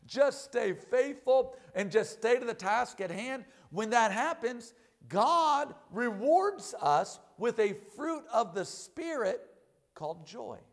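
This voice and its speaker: A man preaching a sermon in an animated way, often calling out "amen?" and "hallelujah.". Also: very high-pitched, slow pace.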